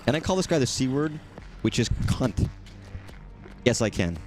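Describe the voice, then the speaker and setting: A man's voice: medium pitch, lively intonation, normal speed, a little mellow, faint music behind. A man chatting casually while streaming a game, rambling and swearing at enemies. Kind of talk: casual gaming commentary.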